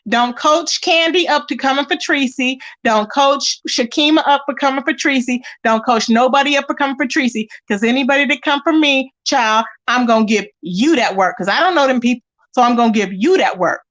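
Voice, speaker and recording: A woman hosting a casual online chat. She talks in a sassy, animated way and calls her listeners child and baby. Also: sits high, a little fast, hardly any pauses, dull audio. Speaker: YouTube commentary host. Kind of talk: casual chat to a live audience.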